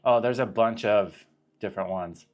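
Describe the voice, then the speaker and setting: Speaking at a moderate pace in a fairly low voice, this young Arizona man hosts a livestream. He responds to viewer questions in a loose, rambling way, cursing freely and often interrupting himself.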